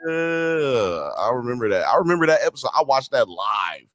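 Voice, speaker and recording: A man with a Southern US accent hosting a casual podcast chat, telling loud, animated stories full of impressions. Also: mid-range voice, normal speed, no echo, studio quality. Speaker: podcast host.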